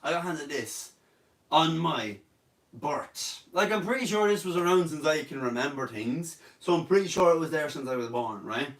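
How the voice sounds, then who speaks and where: A man in his thirties with an Irish accent, talking on a live stream in a jokey, rambling way and breaking into silly voices. His voice sits fairly high, and he sounds a little away from the mic in an echoey room. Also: lively intonation, moderate pace, recorded from a distance. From Ireland. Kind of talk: casual live-stream chat.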